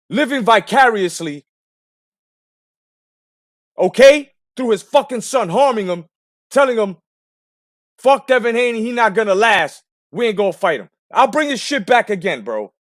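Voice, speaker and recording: Man, boxing show host, lively swinging pitch, swearing a lot, dry close sound. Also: no room sound. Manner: animated, swearing, rhetorical. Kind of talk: profane boxing commentary.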